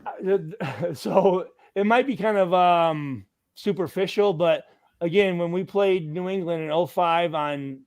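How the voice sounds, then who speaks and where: A man, a former football player, telling profane stories in casual chat and acting out loud reenactments. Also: high-pitched, a little slow, no room sound, clean studio sound.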